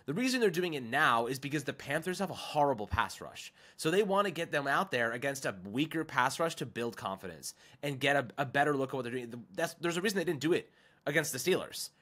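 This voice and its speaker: A man's voice: medium pitch, expressive, fast, fairly bright tone. A man co-hosting a sports podcast, giving emphatic, opinionated football analysis. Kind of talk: casual sports talk.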